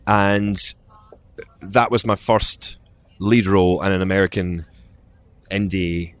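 A man's voice: low-pitched, level tone, takes it slowly. A middle-aged Scottish man, an actor, telling stories in a casual interview, rambling with restarts and acted-out quotes. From Scotland. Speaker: actor guest.

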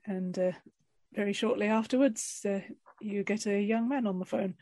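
A woman narrating as game master in a relaxed, dry way. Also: mid-range voice, normal speed, no echo.

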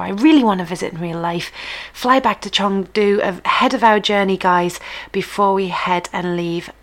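A woman in her thirties from the United Kingdom hosts a relaxed show. She talks in a bubbly, chatty way, full of fillers and little asides. Her voice sits at an ordinary middle pitch. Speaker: radio show host reading listener messages. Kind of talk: casual chatty show hosting.

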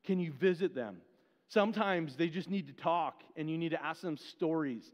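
A man's voice: on the high side, normal speed. A man who is an outreach pastor, giving a conversational sermon in an earnest, informal way, with casual fillers. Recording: echoey hall, dull muffled sound.

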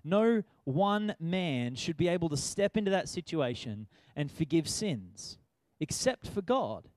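A man's voice: fairly high pitch, sing-song, a little slow, a little mellow, no echo. A man preaching a sermon in a conversational way, asking rhetorical questions.

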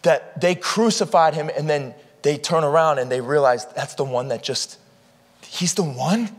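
A man's voice: on the high side, normal speed, in a large hall. A man preaching a sermon to a live congregation, impassioned and firing questions at the listeners. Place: church hall with live congregation.

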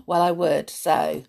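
Woman storyteller, unhurried, lively and chatty. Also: fairly low pitch, gravelly. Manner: gentle, chatty, with soft laughs. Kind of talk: reading a storybook aloud.

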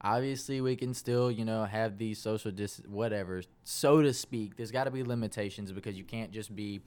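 Smooth-voiced young man ranting. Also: on the low side, normal speed, darkish tone. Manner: opinionated, ranting. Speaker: podcast co-host. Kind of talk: casual chat.

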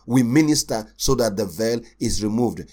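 A man preaching a sermon as a pastor, asking rhetorical questions and slowing down to stress scripture. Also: on the low side, animated, darkish tone.

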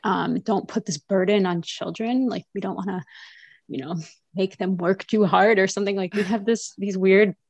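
A woman's voice: medium pitch, steady tone, moderate pace, gravelly, a little mellow, dry recording, dull audio. A woman in her thirties, a French teacher and mother, chatting animatedly as a podcast guest with many fillers. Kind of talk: casual conversational interview.

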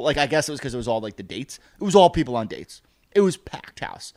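A man in casual chat, telling a funny anecdote in a profane, animated way and laughing as he goes. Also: mid-range voice, fast, dry recording.

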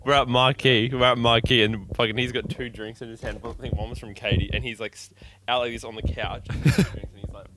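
A man's voice: medium pitch, steady tone, background noise. A young man teasing his mates and jumping in with stories in casual chat. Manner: teasing, quick to jump in.

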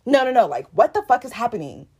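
A young woman co-hosting a podcast, talking in a heated, indignant and animated way in casual chat. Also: on the high side, fast talker, slightly rough. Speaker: podcast co-host.

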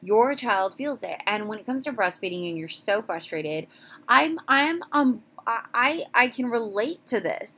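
Candid mom podcaster. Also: female voice, on the high side, lively intonation, measured pace, sharp tone. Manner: candid, rambling, frequent restarts. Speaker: podcast host. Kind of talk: casual solo podcast talk.

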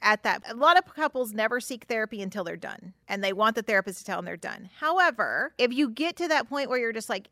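A woman therapist hosts a casual advice podcast, speaking frankly and conversationally. Her voice is bright and forward, and the recording is dry and close. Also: on the high side, expressive, a little fast, few pauses, dry recording. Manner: frank, conversational, acts out example quotes.

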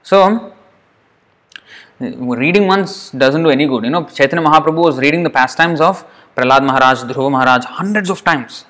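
A man's voice: fairly high pitch, moderate pace, fairly bright tone. A man teaching a devotional scripture class in a slightly raised voice. He speaks earnestly and often says a word twice to drive the point home. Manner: earnest, repeats words for emphasis. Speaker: lecturer.

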